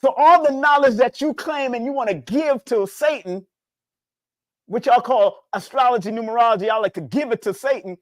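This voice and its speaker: Man, spiritual teacher type, casual preachy talk with big pitch swings, dry recording. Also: moderate pace, no room sound.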